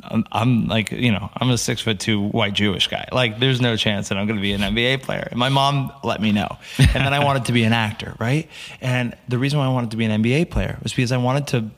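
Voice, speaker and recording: Animated American man telling stories. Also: medium pitch, brisk. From United States. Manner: animated storyteller, acts out quotes. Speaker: podcast guest. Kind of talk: casual storytelling interview.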